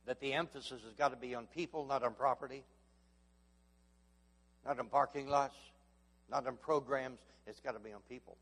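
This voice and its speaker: Husky-voiced man preaching in a reverberant hall. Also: medium pitch, fairly even intonation, normal speed, a bit bright. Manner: call-and-response preaching with rising emphatic builds. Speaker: pastor. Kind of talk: sermon. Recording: long echo of a large hall.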